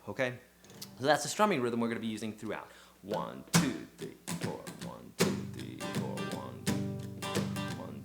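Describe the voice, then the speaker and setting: A man's voice: mid-range voice, fairly bright tone. A man teaching a casual guitar lesson, chatty and encouraging, counting beats aloud as he goes. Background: his own acoustic guitar playing.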